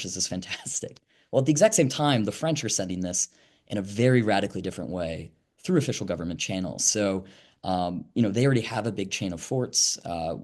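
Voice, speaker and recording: A man, an author, explaining history in a conversational interview, with frequent "um"s and restarts. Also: on the low side. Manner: animated explainer, many fillers and restarts.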